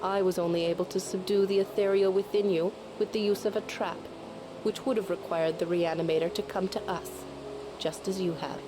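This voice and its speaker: A woman voicing a composed spiritual healer in a video game, speaking in a flat, formal way. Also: on the low side, fairly quick, close to an everyday voice. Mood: calm, formal. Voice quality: flat, stiff and formal delivery. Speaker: game character. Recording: game audio with clear background noise.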